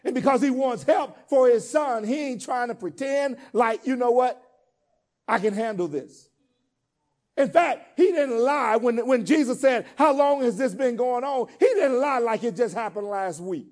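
High-voiced preacher man, emphatic cadence. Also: lively intonation, a little slow, a little mellow. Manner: preacher's call-and-response cadence, rising to emphatic peaks; informal vernacular asides. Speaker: pastor. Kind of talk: sermon.

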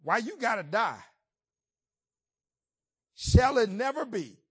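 A preacher doing a brash, impulsive disciple. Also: male voice, extremely high pitch, sing-song, takes it slowly, fairly bright tone, slightly rough, pitched above the performer's own voice, full character voice. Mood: protesting. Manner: brash, street-talking.

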